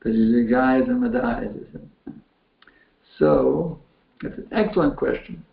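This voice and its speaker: A man's voice: mid-range voice, takes it slowly, gravelly. A man, a spiritual teacher, answering questions from a chat window in a folksy, repetitive way that often restarts phrases. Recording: tinny phone-like line in an echoey room.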